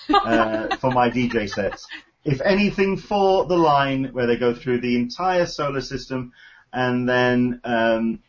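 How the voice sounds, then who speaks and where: A man hosting a podcast, chatting enthusiastically and rambling with lots of fillers. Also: mid-range voice. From United Kingdom. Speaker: podcast host. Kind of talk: casual chat. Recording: dull lo-fi recording.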